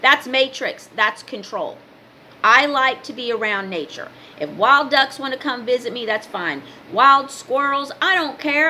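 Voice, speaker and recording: Blunt, bright-voiced woman in her fifties. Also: high voice, a little hiss or hum. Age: 50s. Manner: emphatic, blunt, preachy. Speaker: spiritual vlogger and card reader. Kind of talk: casual motivational monologue.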